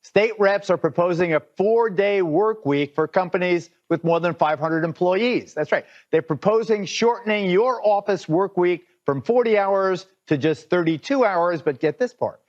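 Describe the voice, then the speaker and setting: A man's voice: high-pitched, moderate pace, hardly any pauses. A man hosting a TV panel, delivering a punchy, sarcastic setup in broadcast commentary style. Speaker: TV panel host. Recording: dull, lo-fi TV clip audio.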